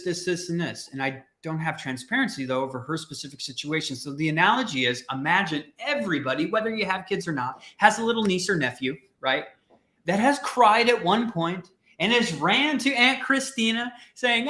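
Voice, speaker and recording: Emphatic bright-voiced male career coach. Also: sits high, animated, brisk, roomy sound. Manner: emphatic, rhetorical questions. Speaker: podcast co-host, career coach. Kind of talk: energetic coaching talk.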